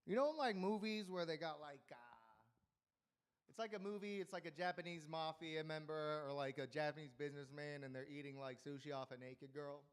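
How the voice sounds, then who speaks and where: A young man doing a rambling, crude stand-up set at an open mic with deadpan punchlines. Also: a little high, fairly quick, clean tone. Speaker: stand-up comedian.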